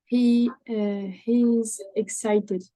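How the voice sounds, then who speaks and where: A woman's voice: a little high, little pitch movement, very slow, warm tone, poor audio. A Brazilian woman, a Portuguese speaker, answering as a student in an English lesson, hesitant and searching for words.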